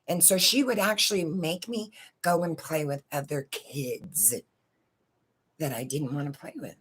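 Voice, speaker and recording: A woman's voice: sits low, a little slow, fairly bright tone, breathy edge. A woman telling a personal story in a casual, rambling way, swearing freely and often checking in with her listeners. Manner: profane, rambling, keeps asking "right?".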